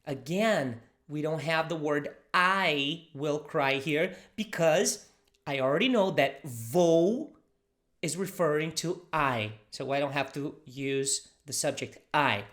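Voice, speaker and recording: Slow, patient Brazilian-accented teacher. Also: mid-range voice, fairly bright tone. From southern Brazil. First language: Brazilian Portuguese. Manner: patient, explains and repeats phrases slowly. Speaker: language teacher. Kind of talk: casual language lesson.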